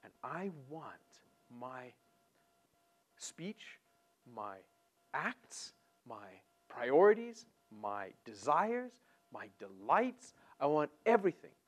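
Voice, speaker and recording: A man preaching a sermon, talking with great animation, swinging from hushed tones to loud and repeating words as he builds a point. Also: mid-range voice. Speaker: pastor.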